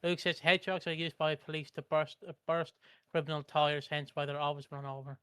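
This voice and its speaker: British guy reading out chat messages, bright smooth voice, dry close mic. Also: on the high side, level tone, fairly quick, dry recording. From Britain. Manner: reads comments aloud with stumbles. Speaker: co-host reading out viewer comments. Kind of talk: live stream, reading chat.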